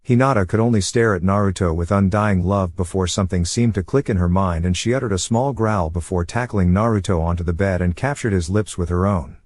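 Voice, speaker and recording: A man narrating a fan-fiction story in a plain, steady reading voice. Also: sits low, brisk, few pauses, no echo. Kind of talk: audiobook-style story reading.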